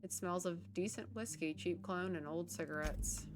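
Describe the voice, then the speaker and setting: A woman giving casual let's-play commentary, chatty, reacting out loud and laughing. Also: lowish voice, moderate pace, noisy background. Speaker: gameplay streamer. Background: game music.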